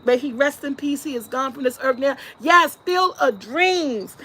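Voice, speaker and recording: A woman hosting a casual live stream, lively and laughing often as she talks to her chat. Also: sits high, a little slow. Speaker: vlog host.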